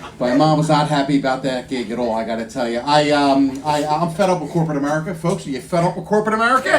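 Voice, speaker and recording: A man doing a loud, punchy stand-up comedy set on a club stage. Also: on the high side, lively intonation, quick pace. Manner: loud, punchy delivery working the crowd. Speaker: stand-up comic. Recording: live club recording with crowd noise.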